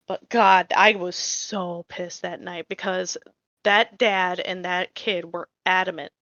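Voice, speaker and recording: A woman co-hosting a podcast tells a story in a casual, blunt way, swearing freely and getting heated as she goes. Her voice is bright and forceful. It sits close and dry on a dull, lo-fi mic. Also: on the low side, steady tone, slow, no room sound. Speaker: podcast co-host.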